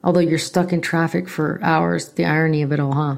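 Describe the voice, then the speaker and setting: A woman's voice: low voice, steady tone, a little fast, vocal fry, noisy background. A middle-aged woman from California hosting a podcast, giving blunt, profane and sarcastic political commentary in a casual way. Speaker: podcast host.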